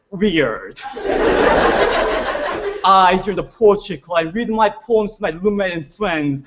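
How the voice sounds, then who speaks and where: Teen guy doing slam poetry, high voice swinging all over, slow and careful, muffled recording. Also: fairly bright tone. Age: teens. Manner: playful, deliberate recitation. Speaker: student poet.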